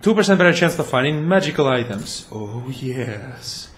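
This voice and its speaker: Man, mid pitch, casual game commentator, playful and rambling, light noise. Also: animated, normal speed. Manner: chatty and playful, makes goofy sound effects. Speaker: gameplay commentator. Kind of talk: casual let's-play commentary.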